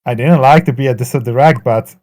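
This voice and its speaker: A man voicing a gruff, suspicious male prison guard during a live game reading, brusque and hostile. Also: medium pitch, brisk, darkish tone, lightly acted. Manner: brusque, hostile, calls people laddie.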